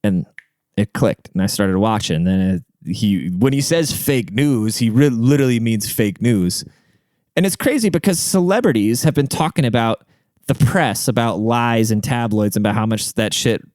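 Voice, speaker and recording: A young man hosting his own podcast in a loose, rambling monologue, swearing freely as he goes. His pitch swings around a lot, and his voice comes through smooth and clear. The sound is dry and close to the mic. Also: animated, moderate pace, a little mellow, no room sound. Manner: rambling, profane, conversational. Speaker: podcast host. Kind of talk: casual storytelling monologue.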